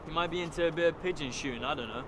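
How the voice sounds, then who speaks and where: A man's voice: a little high, rapid-fire, noisy background, close to an everyday voice. A man playing a blunt, hot-headed young man who swears a lot. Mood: dismissive. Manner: blunt, sweary, tense and stubborn. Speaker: actor in showreel scenes. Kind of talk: naturalistic screen acting.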